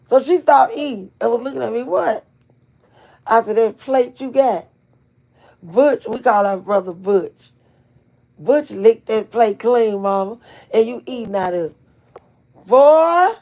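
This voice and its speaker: Middle-aged woman, channel host, animated folksy storyteller, talks straight to viewers, curses freely. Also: fairly high pitch, gravelly.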